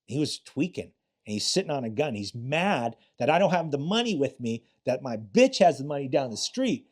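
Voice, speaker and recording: A man's voice: mid-range voice, very animated, moderate pace. A man in his late fifties, a retired police officer, telling blunt, profane stories in a casual interview and acting out the quotes.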